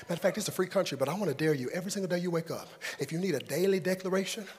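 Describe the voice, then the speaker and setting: Pastor, male, very high voice, preaches dynamically, from shouting to soft whispers. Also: very fast, breathy edge, in a large hall. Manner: dynamic, swings from loud to hushed. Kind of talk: sermon. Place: church sanctuary before a congregation.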